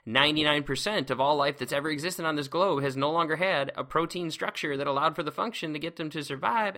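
Guy doing a science podcast right on the mic, bright punchy voice, super playful, calls everything awesome. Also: mid-range voice. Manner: exuberant and playful, piles up words like awesome. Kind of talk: casual science lecture. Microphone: close microphone, speaking seated.

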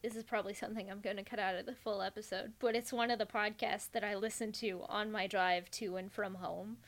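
A woman's voice: mid-range voice, steady tone, a little fast. A woman hosting a podcast, chatting casually and chuckling after her remarks. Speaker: podcast host. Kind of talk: casual chat.

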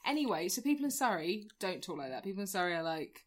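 Woman, mid pitch, rambling jokey podcast chat. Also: very animated, fast, hardly any pauses. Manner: chatty, joking, rambling with fillers. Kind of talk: casual chat about a film.

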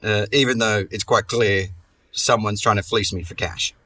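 Sweary guy rambling through a comic story, bright sharp voice, sitting back from the mic. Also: on the low side, steady tone, moderate pace, recorded from a distance. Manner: rambling, swears a lot, restarts his sentences.

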